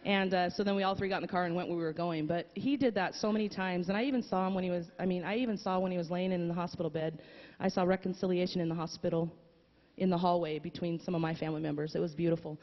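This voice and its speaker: A woman speaking at a memorial, telling a story with pauses and fillers, then reading a poem aloud. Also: on the low side, steady tone. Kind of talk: heartfelt eulogy and poem reading. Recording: dull audio with long hall reverb.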